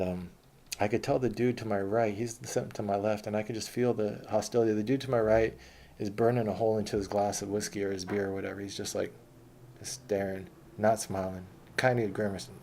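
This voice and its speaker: A man's voice: on the low side, vocal fry, warm tone, a little hiss or hum. A man telling a long personal story in a casual, rambling, profane way.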